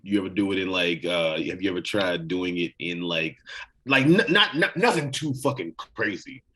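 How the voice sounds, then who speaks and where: A man's voice: sits low, lively intonation, moderate pace, pushed and bright, slight background noise. A man co-hosting a podcast in casual, rambling chat, swearing freely. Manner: rambling, profane, full of fillers. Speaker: podcast co-host.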